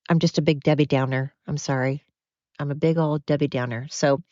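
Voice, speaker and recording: A woman rants through a solo podcast, rambling and full of fillers. Her voice sits on the low side for a woman. The recording is dry and dull, with a muffled lo-fi edge. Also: no room sound. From United States. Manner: rambling and ranting, many fillers. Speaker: podcast host.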